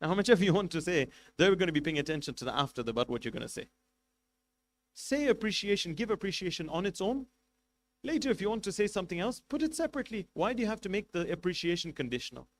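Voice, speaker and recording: A man's voice: high voice, big pitch swings, fast. A man giving a religious lecture as a sheikh, making numbered points and asking rhetorical questions with emphasis. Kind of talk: sermon.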